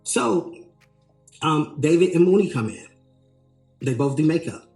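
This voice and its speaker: Animated man recounting in a roomy echo. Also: on the high side, unhurried, gravelly. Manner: re-enacts quoted dialogue with emphatic rises. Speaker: tour manager. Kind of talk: animated storytelling. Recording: roomy echo, faint music.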